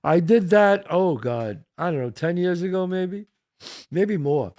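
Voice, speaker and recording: An older man with a New York accent, hosting a podcast and telling a long story in a rambling, animated way, swearing now and then. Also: high voice, a little slow, no room sound, studio quality. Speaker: podcast host. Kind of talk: casual storytelling.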